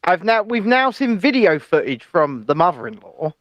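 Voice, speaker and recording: A man's voice: sits high, big pitch swings, moderate pace, no echo, lo-fi sound. A man co-hosting a casual news chat show, talking in an opinionated, chatty way with hedging asides. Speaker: co-host.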